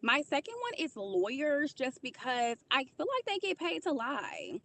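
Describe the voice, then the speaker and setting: A woman's voice: high voice, wildly swooping pitch, measured pace, noisy background. A woman hosting and giving direct, opinionated answers to viewers. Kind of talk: casual talk to viewers.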